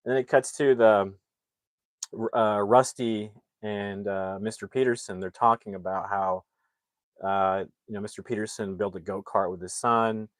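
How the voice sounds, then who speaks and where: A man in a casual, rambling recap of a film plot, slipping into quick impressions of the characters as he goes. His voice sits fairly low and comes across dry and close, with no room around it. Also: fairly even intonation, dry recording. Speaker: movie reviewer.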